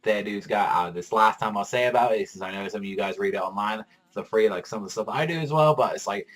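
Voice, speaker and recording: A man giving a casual, rambling spoken review, excitable and swearing constantly, often breaking into loud mock voices. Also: fairly low pitch, fast. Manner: jumps into shouted mock voices for characters. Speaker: manga reviewer.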